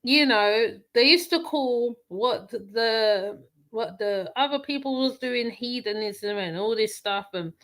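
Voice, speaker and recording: A woman talks through a reaction commentary, blunt and rambling, circling back to the same point again and again. Her voice sits a little high and rings bright and forceful. She sounds unscripted and conversational. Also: takes it slowly. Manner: blunt, rambling, repeats herself.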